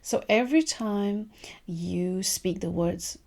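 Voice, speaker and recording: A woman giving a gentle spiritual guidance talk, speaking softly and often trailing off into whispers. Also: lowish voice, gravelly. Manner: soft, slow, trailing into whispers. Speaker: spiritual teacher.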